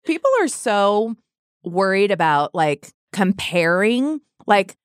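A middle-aged woman talking openly and reflectively as a podcast guest, lively when she quotes other people. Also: medium pitch, fairly quick, dry recording, studio quality. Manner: open, reflective, animated when quoting others. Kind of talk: candid podcast conversation.

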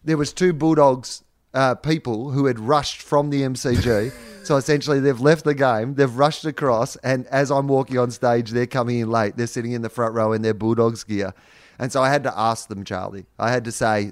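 A man's voice: medium pitch, fairly even intonation, moderate pace, dry recording. Man, Australian accent, young adult, casual storytelling, swears, laughs, dry close sound. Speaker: podcast co-host and stand-up comedian. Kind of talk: casual chat.

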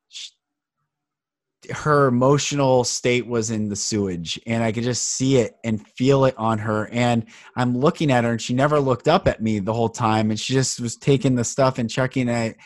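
A man hosting a podcast in casual conversation, telling stories in an animated, emphatic way. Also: medium pitch, normal speed, dry recording, clean studio sound. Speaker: podcast host.

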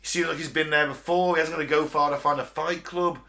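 A man's voice: a little high, fairly even intonation, quick pace, pushed and bright. A man, co-hosting a podcast and retelling film scenes in a rambling, sweary way with laughs. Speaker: podcast co-host. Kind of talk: casual chat recapping a film.

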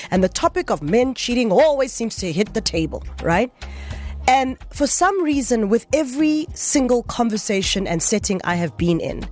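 A woman hosts a radio talk show. She is lively and emphatic, swinging between punchy declarations and softer asides. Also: mid-range voice. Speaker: radio host.

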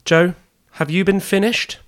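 A man's voice: sits high, fairly even intonation, a little slow. Dry-humoured English podcast man. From Devon, England. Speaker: podcast co-host. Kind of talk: casual chat with read segments.

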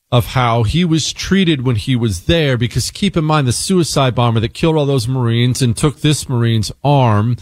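A man's voice: medium pitch, no room sound, clean studio sound. Conversational male talk radio host. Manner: conversational, breaks off and corrects himself.

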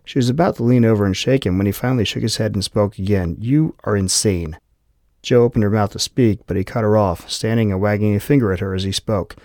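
A male audiobook narrator with a low voice, reading in a steady, even way. The sound is dry and close, with no room echo. He keeps the narration calm and clear. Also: fast talker, hardly any pauses. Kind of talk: scripted narration.

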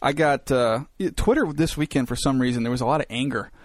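A man, an analyst on a studio show, telling quick anecdotes in casual chat. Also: medium pitch, dry recording.

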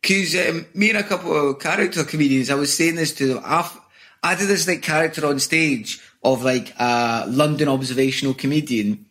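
A Scottish comedian chatting casually over a video call, rambling and self-deprecating, laughing often. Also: male voice, a little high, brisk, fairly bright tone. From Scotland. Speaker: comedian guest. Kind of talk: casual chat.

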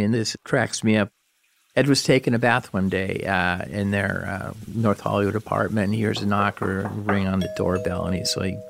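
A man's voice: medium pitch, vocal fry. A man in a documentary interview, telling an anecdote in an amused, chatty way. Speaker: interviewee, storyteller.

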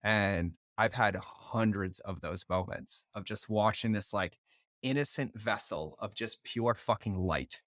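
A man hosting a podcast, telling stories in an animated way and swearing freely in casual conversation. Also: fairly low pitch, measured pace, no room sound, studio quality. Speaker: podcast host.

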